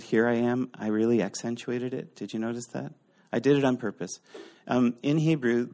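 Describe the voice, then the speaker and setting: A man teaching a casual Bible lecture, lively and thinking aloud with fillers and restarts. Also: medium pitch.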